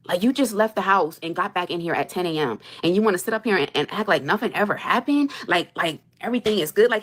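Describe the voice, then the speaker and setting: Venting about her marriage on a live stream, a young woman reacts to super chats in a heated rant, exasperated and emphatic as she repeats her points. Her lowish, expressive voice has a fairly bright tone. She talks fast with few pauses.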